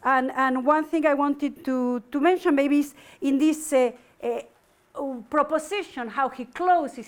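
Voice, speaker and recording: A middle-aged woman delivers an academic lecture in a high voice. She talks hesitantly, stopping and restarting often and filling pauses as she works through her ideas. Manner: hesitant, many restarts and fillers.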